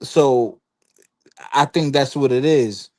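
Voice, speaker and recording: A man's voice: mid-range voice, slow pace. A man on a casual talk panel, telling stories with lots of fillers and acting out the people he quotes. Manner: animated storytelling, acts out quotes, frequent fillers. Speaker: panel guest. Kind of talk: casual chat.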